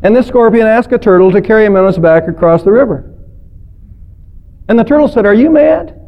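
A male pastor preaching with emphasis, piling up rhetorical questions. His voice sits high for a man, and the recording sounds dull and lo-fi. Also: a little fast. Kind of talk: sermon.

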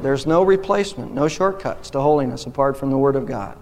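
A man's voice: medium pitch, expressive, a little fast, a little mellow. A man preaching a sermon as pastor, impassioned, his voice rising on key points. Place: church sanctuary. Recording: long reverb of a church hall.

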